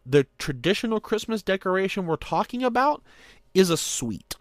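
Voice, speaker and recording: A man co-hosting a podcast, quizzing his partner on holiday trivia in casual, teasing banter and slowing down to read each question aloud. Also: high voice, big pitch swings, no room sound, clean studio sound.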